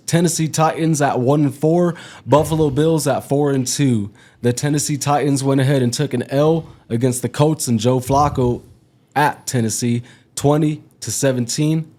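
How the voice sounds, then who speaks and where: A man co-hosting a casual sports chat, running through matchups and scores. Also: medium pitch. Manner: reads out matchups and scores in a steady rundown. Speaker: sports podcast co-host.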